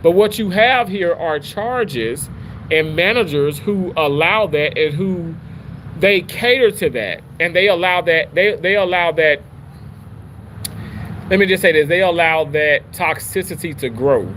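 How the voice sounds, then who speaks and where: A man hosting a casual livestream, chatting with viewers in an animated, rambling way, full of restarts. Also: a little slow, a little hiss or hum, rough recording. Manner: animated, rambling, with frequent restarts and pitch jumps. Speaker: livestream host reading chat.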